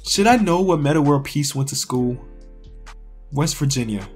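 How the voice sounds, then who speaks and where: A man's voice: fairly high pitch, normal speed, husky, faint music behind. A man giving casual running commentary on a sports quiz, talking to himself and crying out in frustration. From Chicago area. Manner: excitable, talks to himself, cries out in frustration. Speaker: sports YouTuber.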